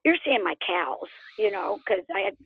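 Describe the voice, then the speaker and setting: A woman from Oklahoma telling her story as an interview guest in casual storytelling, animated and laughing, acting out what others said. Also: mid-range voice, normal speed, breathy edge, dry recording. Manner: animated, laughs often, acts out quotes. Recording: tinny phone line.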